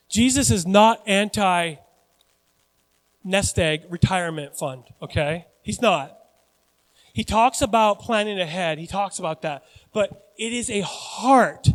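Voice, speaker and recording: A pastor in his forties preaching a sermon in a joking, conversational, animated way. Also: high-pitched, unhurried. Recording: long church hall reverb.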